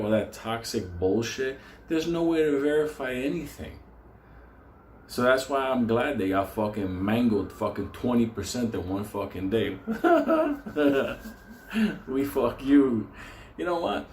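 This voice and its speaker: A man's voice: medium pitch, darkish tone. A man hosting a stock market show, delivering a profane, fired-up unscripted rant and breaking into laughter. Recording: roomy echo with faint noise.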